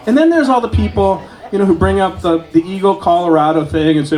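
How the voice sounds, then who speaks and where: A man in his late forties performing a stand-up set at an open mic, telling stories in a deadpan way with self-aware asides. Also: on the high side, fast, hardly any pauses. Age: 40s. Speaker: stand-up comedian. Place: small club stage with live audience.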